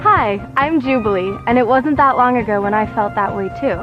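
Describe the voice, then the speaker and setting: An actress playing an upbeat young female mutant student in an 1980s style school advertisement, delivered as a peppy sales pitch. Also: a little fast, lightly acted. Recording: dull lo-fi audio with loud music.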